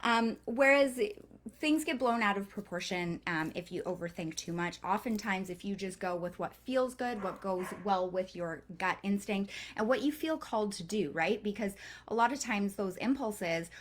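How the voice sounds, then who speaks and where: A woman's voice: medium pitch, lively intonation, normal speed. Casual, chatty woman leading a workshop. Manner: casual and chatty, loose with swearing; rambling, with frequent fillers and restarts. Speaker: coven workshop leader. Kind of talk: live online workshop lesson.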